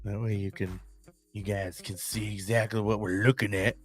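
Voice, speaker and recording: A man hosting a solo podcast in casual, excitable chat, swearing and using slang. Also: lowish voice, normal speed, faint music behind. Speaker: podcast host. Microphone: desk mic, screen-sharing.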